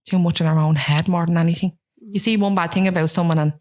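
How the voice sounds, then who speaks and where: Dublin woman in her thirties, casual interview guest, animated storyteller. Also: lowish voice, fast talker. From Ireland. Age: 30s. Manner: animated storytelling, acts out quoted voices.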